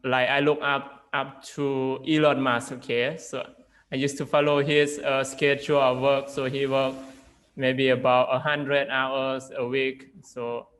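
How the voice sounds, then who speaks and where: Lao-accented young man, flat delivery. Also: medium pitch, unhurried, poor audio. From Laos. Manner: hesitant, many fillers and restarts. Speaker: English teacher. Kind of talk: casual interview chat.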